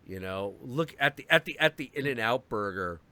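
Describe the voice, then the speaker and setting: A man's voice: medium pitch, expressive, normal speed, pushed and bright. A young man chatting casually on a stream, telling stories and acting out the people he quotes. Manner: storytelling, acts out quotes in voices. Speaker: stream host. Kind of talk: casual chat.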